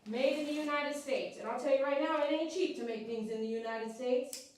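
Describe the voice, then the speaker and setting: A woman's voice: high voice, brisk, heavy reverb, far from the mic, slight background noise. A woman dog groomer talking casually while she works, soothing and coaxing the dog and repeating herself. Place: grooming room.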